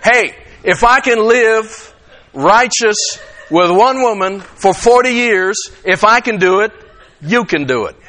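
This pastor, a man in his sixties, has a high voice and a slow pace. His sermon is animated and conversational, with check-ins to listeners and acted-out quotations.

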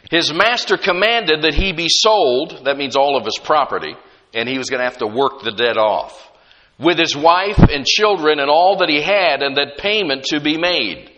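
A man's voice: a little high, pushed and bright, lo-fi sound. A middle-aged man preaching a sermon, reading scripture aloud dramatically and stopping to explain it. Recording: long hall reverb.

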